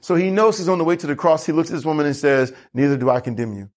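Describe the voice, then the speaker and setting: A man preaching a lively sermon as pastor, asking the congregation questions and drawing answers back. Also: on the high side, racing. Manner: animated preaching with congregation call-and-response.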